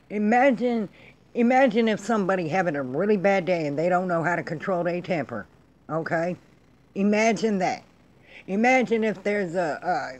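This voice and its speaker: A middle-aged woman hosting her own vlog, delivering a blunt, profane, emphatic rant in casual talk. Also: medium pitch. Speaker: vlog host. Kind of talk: casual ranting monologue.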